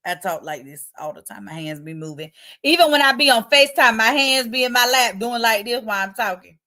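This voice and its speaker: A woman hosting a casual livestream chat. She reads viewer comments aloud and answers them in relaxed, colloquial slang. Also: a little high, fairly quick. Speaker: livestream host.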